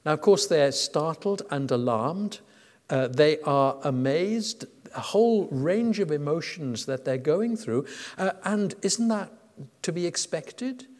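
A man's voice: a little high, a little mellow. A man preaching a sermon in a conversational manner, with frequent fillers and restarts. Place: church. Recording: church with long reverb.

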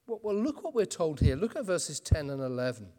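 A man's voice: on the high side, sing-song, fairly quick, warm tone. A man preaching an earnest expository sermon. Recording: long reverb in a church hall.

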